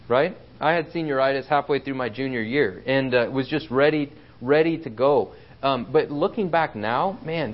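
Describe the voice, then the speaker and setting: A man's voice: fairly high pitch, muffled recording. A man teaching through a Bible passage in a sermon, earnest and often checking with his listeners. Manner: earnest, asks the room for agreement with frequent "right?". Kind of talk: expository sermon.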